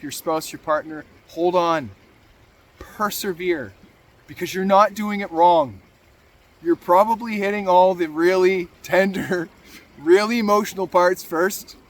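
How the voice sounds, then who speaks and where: A man hosting a motivational talk, earnest and encouraging, repeating key phrases for emphasis. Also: high voice. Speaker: podcast host.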